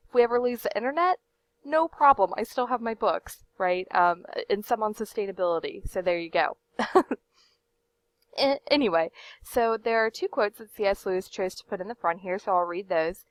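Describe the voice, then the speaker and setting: Woman, book vlog host, casual rambling delivery, mid-range pitch, dry close sound. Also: animated, normal speed, dry recording. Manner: chatty, rambling, frequent fillers and restarts; laughs now and then while talking. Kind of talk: casual book commentary to camera.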